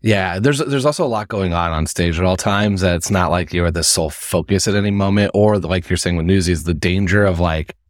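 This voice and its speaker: A man's voice: low-pitched, brisk, few pauses, no room sound, studio quality. A man hosting an interview, asking easygoing, long, rambling questions in casual chat. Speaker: interviewer, podcast host.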